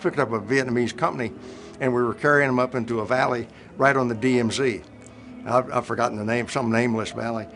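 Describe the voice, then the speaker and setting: A man's voice: medium pitch, fairly even intonation, quick pace, a bit bright. Older man telling a wry war story. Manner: wry, self-mocking storyteller with frequent fillers. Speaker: retired Marine helicopter pilot interviewee.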